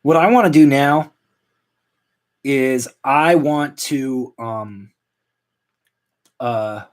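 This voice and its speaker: A man in his late thirties hosting a solo comedy podcast, rambling in a deadpan, self-mocking way. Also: mid-range voice, extremely slow. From Canada. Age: 30s. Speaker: podcast host. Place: at home.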